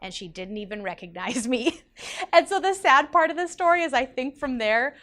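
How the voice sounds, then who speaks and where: A young woman casually telling a personal story, animated and chatty, with lots of "like" fillers. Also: sits high, moderate pace. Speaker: vlogger.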